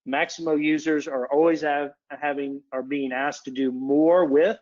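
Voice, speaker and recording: A man's voice: fairly high pitch, steady tone, measured pace, darkish tone. Chatty man presenting a webinar. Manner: chatty, digressive, self-interrupting. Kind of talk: casual conference presentation. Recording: dull lo-fi webinar audio.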